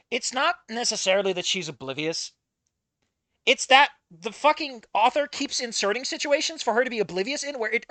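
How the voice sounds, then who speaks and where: A woman's voice: medium pitch, bright, forceful tone, no echo. A woman reacting to a story she is reading, casual and exasperated, swearing often and voicing her frustration. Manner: exasperated, emotional, swears a lot. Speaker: fan fiction reader and reactor.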